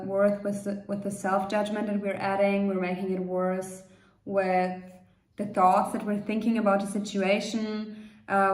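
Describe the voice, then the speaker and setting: Gentle woman guiding a meditation. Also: medium pitch. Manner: gentle, reassuring, unscripted with fillers. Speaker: manifestation coach. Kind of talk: guided meditation talk. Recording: roomy echo.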